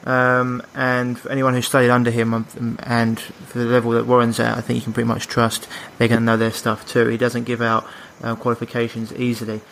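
A man's voice: mid-range voice, monotone, a little fast, vocal fry, hardly any pauses, fairly bright tone, slight background noise. A man hosting a podcast, asking questions casually and restarting his sentences often. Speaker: podcast host.

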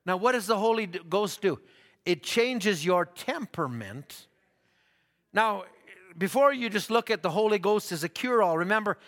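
A man's voice: high voice, a bit bright, in a large hall. A man preaching a folksy sermon, repeating himself and laughing at his own stories.

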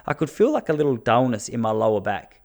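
Australian male comic and podcast host, 30s, mid-pitched, casual rambling storyteller. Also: fast, gravelly. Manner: animated, chatty storyteller with frequent restarts. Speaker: podcast host and stand-up comedian.

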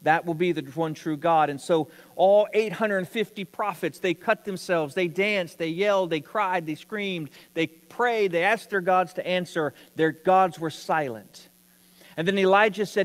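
A man's voice: high-pitched, normal speed, big-room sound. A man preaching a sermon, telling a story with rising emphasis.

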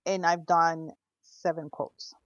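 A woman with a fairly low voice, chatting about her floral work in a casual podcast. She speaks thoughtfully and lets sentences trail off. The sound is dry and a little dull. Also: flat delivery, slow, no echo. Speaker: florist guest.

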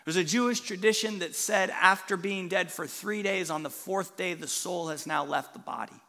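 Pastor, male, high bright voice, animated sermon storyteller, hall reverb. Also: moderate pace. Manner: animated storytelling, swings from hushed to loud.

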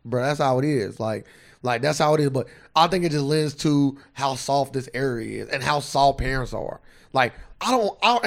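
A man co-hosting a casual podcast, ranting and swearing freely, his voice jumping up high and loud when he gets heated. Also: creaky. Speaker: podcast co-host.

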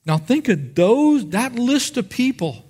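A male pastor preaching a sermon, telling Bible stories in an animated way and acting out the people in them. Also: very high voice, takes it slowly, breathy edge. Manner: animated storytelling, acts out biblical figures.

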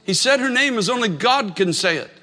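A male pastor delivers an earnest sermon in a high, bright voice, building emphasis through repeated phrases. The sound rings with a long hall reverb, as in a church. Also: animated, brisk.

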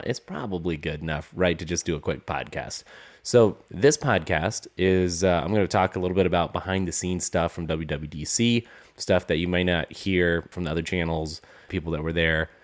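A man with a cold and a sick-sounding voice, hosting a casual solo podcast in a relaxed, rambling way. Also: low voice. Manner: relaxed, rambling, with fillers and restarts. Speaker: podcast host.

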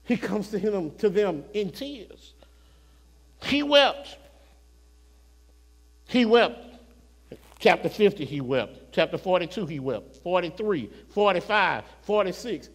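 High-voiced preacher shouting in a reverberant hall. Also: male voice, very animated. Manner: swings from soft, slow murmurs to shouted climaxes; call-and-response preaching, addresses congregation directly. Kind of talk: sermon. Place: church sanctuary.

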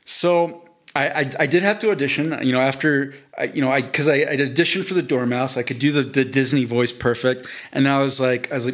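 A man on a podcast spins a long story in a loose, rambling way. He keeps restarting sentences and pokes fun at himself. His voice sits at an everyday middle pitch. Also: fairly even intonation, a little fast, a bit bright. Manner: rambling, self-deprecating, frequent restarts and fillers. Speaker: podcast co-host. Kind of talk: casual chat, storytelling.

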